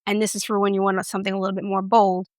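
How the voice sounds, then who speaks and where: A woman's voice: mid-range voice, monotone, racing, no room sound, studio quality. Chatty, playful woman reviewing makeup. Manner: chatty, playful self-mocking asides; drops into soft whispers. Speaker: beauty reviewer. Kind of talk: casual makeup review vlog.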